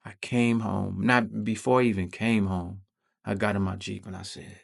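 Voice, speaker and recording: A man's voice: lowish voice, little pitch movement, moderate pace, creaky. A man hosting a podcast, telling a personal story in loose, slangy, profane conversational talk. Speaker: podcast host.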